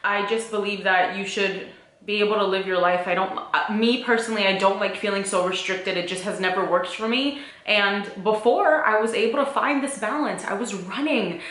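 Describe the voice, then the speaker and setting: A woman's voice: mid-range voice, moderate pace, a bit bright. Chatty young woman vlogging in an echoey room. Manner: open, chatty, emotional at times, many fillers like "like". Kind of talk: casual confessional vlog.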